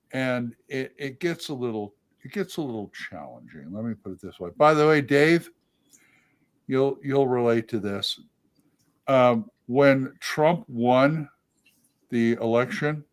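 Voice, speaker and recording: Guy in a mid-range voice, animated, hopping between topics in a loose chat. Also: medium pitch. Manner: animated, jumps between tangents. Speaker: co-host. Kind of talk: casual chat.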